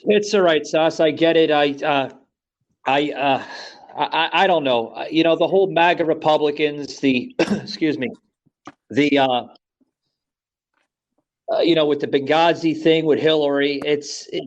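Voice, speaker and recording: A man's voice: on the high side, measured pace, highs cut off. A man hosting a podcast in heated political talk, angry, stammering and swearing a lot. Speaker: podcast host.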